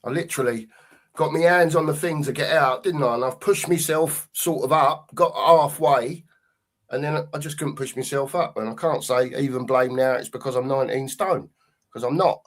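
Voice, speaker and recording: A man's voice: mid-range voice, moderate pace. A man co-hosting a casual fan chat show, matey and rambling, full of fillers. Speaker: podcast co-host.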